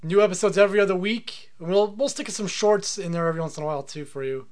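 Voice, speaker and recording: A man's voice: high voice, quick pace, a little mellow. A man co-hosting a casual podcast, rambling and speculating with lots of filler words. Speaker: podcast co-host. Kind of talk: casual chat.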